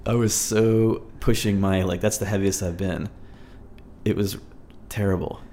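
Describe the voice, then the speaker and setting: Gravelly low-voiced man chatting. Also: steady tone, measured pace, dark tone, a little hiss or hum. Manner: loose, swearing storyteller. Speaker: podcast host. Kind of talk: casual chat.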